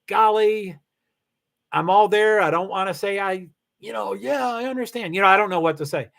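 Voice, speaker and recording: A middle-aged man hosting a casual livestream, talking in a rambling, halting way with many restarts and fillers, candid and confessional about his life. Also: high-pitched, creaky, fairly bright tone. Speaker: livestream host. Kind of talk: casual personal livestream talk.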